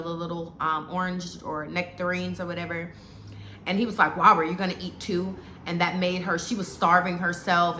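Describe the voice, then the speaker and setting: A woman vents her take on a reality show in a casual, outspoken recap. Her voice sits a little low but comes across bright and forceful. The sound is roomy and echoey, with a faint hiss under it. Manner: animated, outspoken, blunt. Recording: echoey room with faint noise.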